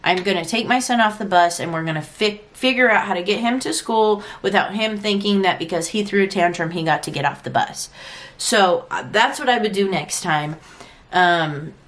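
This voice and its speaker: A young woman telling a story straight to camera in a frank, chatty way. She drops into quoted lines as she goes and fills her talk with "like". Her pitch sits in the middle for a woman. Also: moderate pace, fairly bright tone. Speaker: vlogger and parent. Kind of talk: casual storytime vlog.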